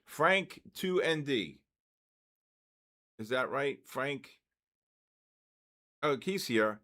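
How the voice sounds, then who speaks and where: A man hosting a trading live stream, calling out giveaway winners in a drawn-out, repetitive way. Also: medium pitch, lively intonation, bright, forceful tone.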